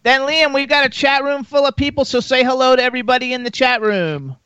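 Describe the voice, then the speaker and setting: High-voiced upbeat male radio host. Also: a little fast, highs cut off, crowd noise. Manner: upbeat, laughing, steers the talk. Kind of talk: casual radio chat.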